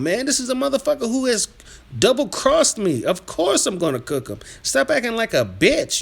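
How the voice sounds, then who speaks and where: Combative man ranting on a livestream. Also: creaky. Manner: combative, trash-talking, rambling; swings from low muttering to loud yelling. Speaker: livestream host reading chat. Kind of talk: casual profane rant on a live stream.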